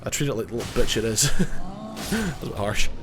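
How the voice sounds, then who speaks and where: A man's voice: on the low side, very animated, fairly quick, over music. A man with a cold, giving casual, joking gameplay commentary, self-mocking and swearing now and then. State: has a cold. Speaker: gaming YouTuber.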